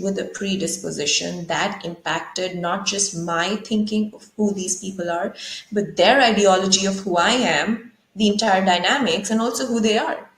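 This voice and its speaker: A woman guest on a talk show, explaining ideas thoughtfully and posing rhetorical questions. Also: mid-range voice. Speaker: guest speaker. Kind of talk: conversational explanation. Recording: roomy echo.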